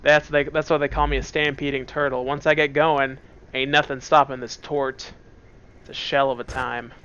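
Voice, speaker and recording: A man playing a computer game in a dark room at home, with headphones on, talking through it in a playful, joking way. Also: mid-range voice, level tone, moderate pace, clear, resonant tone, lo-fi sound. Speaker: let's play host. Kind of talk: casual gameplay commentary. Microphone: wearing headphones at the computer.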